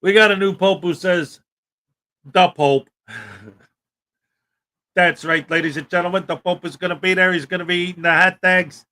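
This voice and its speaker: Man, stream host, casual chat, rambling, laughs a lot, bright forceful tone. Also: high-pitched, steady tone, quick pace, hardly any pauses. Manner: rambling, laughs often, trails off.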